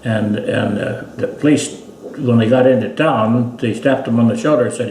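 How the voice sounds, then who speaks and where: A man from British Columbia, Canada, tells old family stories as an elder recalling the past, in a folksy, meandering oral-history style. His voice is medium-pitched and darkish at a moderate pace, recorded in an echoey room with faint hiss.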